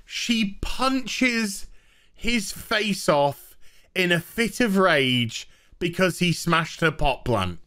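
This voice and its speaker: Exasperated, sarcastic bright-voiced male reviewer. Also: high-pitched, lively intonation, extremely slow. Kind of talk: ranting TV review.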